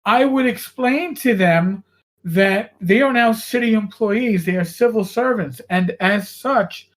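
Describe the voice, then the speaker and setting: A man's voice: high voice, measured pace. Profane, storytelling man on a podcast. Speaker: podcast guest, former police officer. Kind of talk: casual chat, storytelling.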